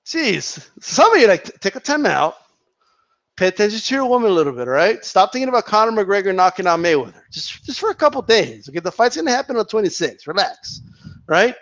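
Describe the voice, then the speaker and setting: A man's voice: high-pitched, big pitch swings, a little fast, a bit bright, highs cut off. A man hosting his own boxing channel, ranting casually with lots of swearing, repetition and mockery. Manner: profane, repetitive, mocking. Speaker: boxing commentator, channel host. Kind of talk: casual rant to camera.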